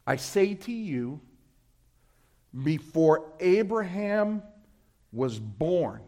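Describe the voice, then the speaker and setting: A man's voice: sing-song, drawn-out words, long pauses. Man preaching with dramatic swings. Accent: New York. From Brooklyn. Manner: dramatic swings between loud emphatic readings and low quiet asides. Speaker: pastor. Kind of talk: sermon.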